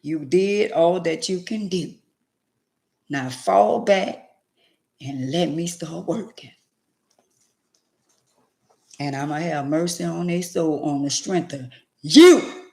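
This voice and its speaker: Gravelly stern God figure, fatherly and commanding, put on by a woman telling a story. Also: sits low, slow, long pauses, darkish tone, heavily acted. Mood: firm. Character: God, a firm fatherly male deity.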